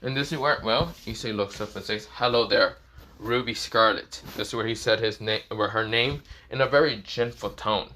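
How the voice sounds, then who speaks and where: Young man, improvised fan story narration, rambling, bright voice. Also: fairly low pitch, fairly quick, hardly any pauses. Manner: rambling, full of fillers and restarts.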